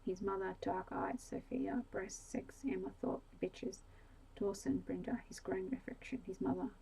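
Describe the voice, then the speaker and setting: Woman, soft ASMR whisper, mellow and gravelly; bedtime story narration for sleep. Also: normal speed, a little hiss or hum, rough recording. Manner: soft, slipping between whisper and low voice.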